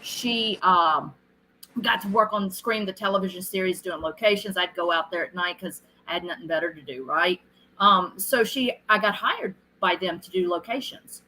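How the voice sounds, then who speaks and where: A middle-aged woman, a film director being interviewed, telling stories in a casual, animated way and acting out what people said. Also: fairly low pitch, moderate pace, a little hiss or hum, rough recording. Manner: animated storyteller who acts out quoted lines.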